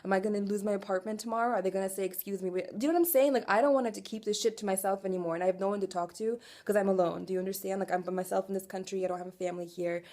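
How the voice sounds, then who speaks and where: A woman in her twenties venting in an emotional confessional rant, raw and profane, swinging from quiet weariness to loud exasperation and asking again and again whether you follow her. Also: mid-range voice, steady tone, racing, few pauses. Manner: raw, profane, keeps asking "do you know what I'm saying". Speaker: vlogger.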